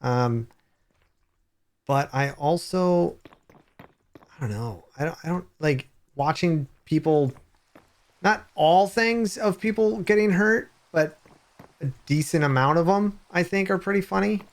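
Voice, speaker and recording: A man live-streaming a game, rambling and hesitant, then bursting into excited high-pitched reactions. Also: slow pace, pauses often. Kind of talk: live gameplay stream chat.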